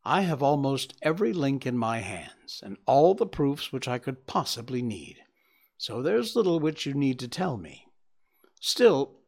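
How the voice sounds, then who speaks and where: A man voicing a confident, sharp-witted gentleman detective in a storybook reading. He speaks briskly and with authority, with a lively, rising and falling delivery and a touch of mockery. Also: mid-range voice, creaky, heavily acted. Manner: brisk, cheerfully commanding, lightly mocking. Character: sharp, self-assured gentleman detective, middle-aged man. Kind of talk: audiobook character reading.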